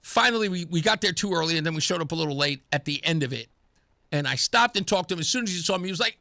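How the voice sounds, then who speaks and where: A man's voice: high-pitched, fast talker, no echo, clean studio sound. A man hosting a radio talk show, giving an opinionated monologue and acting out the dialogue he quotes. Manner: animated, acts out quoted dialogue; laughs at himself.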